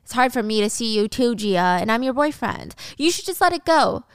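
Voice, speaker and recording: A woman's voice: on the high side, very animated, brisk, smooth, dry recording, clean studio sound. A woman voicing a condescending young boyfriend who brushes his girlfriend off. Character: dismissive cheating young boyfriend.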